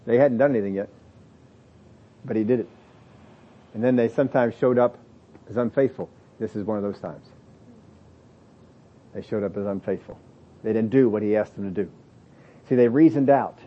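A man's voice: fairly low pitch, animated, moderate pace, pauses often. A man preaching a sermon in a plain-spoken way, acting out the excuses people make in different voices. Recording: dull lo-fi audio recording.

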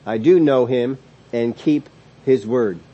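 A man teaching a sermon series on scripture, explaining word meanings emphatically, stretching key words slowly and chuckling between points. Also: mid-range voice, dark tone, slightly rough, dull audio. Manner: explanatory, emphatic, with slow drawn-out stresses on key words and frequent restarts. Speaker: Bible teacher.

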